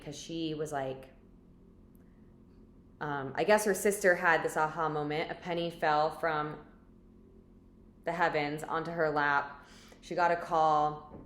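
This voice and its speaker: Woman vlogger, deep voice, casual rambling storytelling, echoey room, faint background hum. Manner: chatty and rambling, many "like" fillers.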